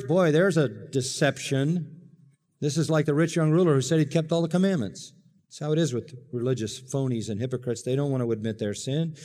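Male preacher, slightly higher voice, dramatic delivery, long hall reverb. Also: fairly quick, a little mellow. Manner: dramatic, acts out the characters' lines. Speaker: pastor. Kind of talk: sermon.

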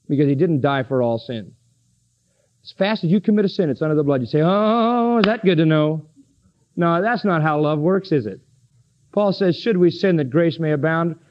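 A man's voice: on the high side, lively intonation, moderate pace. A man preaching a sermon with emphasis, asking his listeners questions and answering them. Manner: emphatic, asks the congregation questions. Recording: dull lo-fi recording.

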